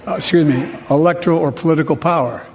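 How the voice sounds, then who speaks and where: A man's voice: a little high, quick pace. A man delivering an emphatic formal speech, heard as a played clip. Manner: emphatic, addressing the audience directly. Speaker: political speaker. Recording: played clip with long hall reverb, faint noise.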